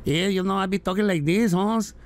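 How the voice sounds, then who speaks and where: A man putting on the voice of a young tough from a rough high school, dropping street slang and Spanish words. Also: fairly quick, natural voice. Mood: boastful. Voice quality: slangy mixed English-Spanish street talk.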